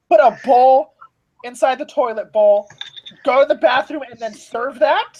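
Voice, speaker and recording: A blunt, teasing woman from New Mexico who swears freely in casual chat. Her voice sits a little high, with a faint hiss of noise behind it. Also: unhurried, a little mellow, poor audio.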